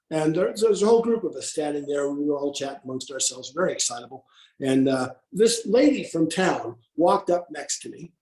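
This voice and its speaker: Guy telling a long story on an interview, acts out voices, echoey room. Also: sits high. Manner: animated anecdotes, acts out quoted voices. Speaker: interview guest. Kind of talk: storytelling in casual conversation.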